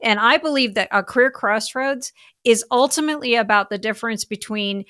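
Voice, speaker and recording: A middle-aged woman, a business coach talking as a podcast guest, animated and full of "like" fillers. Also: on the high side, brisk, dry recording, clean studio sound. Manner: animated, heavy use of "like" fillers. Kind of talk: casual podcast interview chat.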